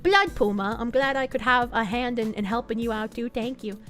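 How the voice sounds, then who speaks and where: A woman's voice: on the high side, moderate pace, fairly bright tone, faint music behind. A woman VTuber streamer chatting casually on a live stream and thanking donors, playful and bubbly with cutesy baby talk and sarcastic asides.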